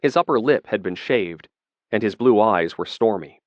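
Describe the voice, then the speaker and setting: A man with a fairly low voice narrating a fantasy audiobook at a measured, steady pace. The recording is dry, close and slightly dull. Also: dry recording.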